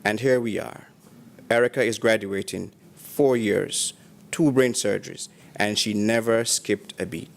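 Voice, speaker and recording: A man's voice: fairly low pitch, a little slow, creaky, slight background noise. Man reading graduation tributes aloud. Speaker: ceremony announcer reading tributes.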